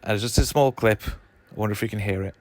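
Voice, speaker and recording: A man explaining a ghost hunt in a relaxed voice-over, with frequent hesitations. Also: lowish voice, quick pace.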